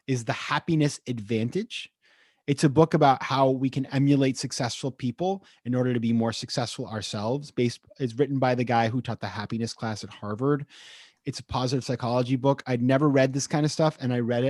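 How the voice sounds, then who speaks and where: A man speaking as an investor guest in a casual webinar interview, acting out quoted messages with lively shifts in his voice. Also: no room sound, clean studio sound. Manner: animated, acts out quotes with rising pitch.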